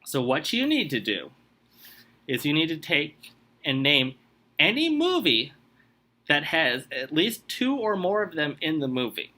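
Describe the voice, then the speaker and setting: Male podcast host running a quiz. Bright, higher voice with a lively, swinging delivery. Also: a little slow. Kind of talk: casual podcast quiz game.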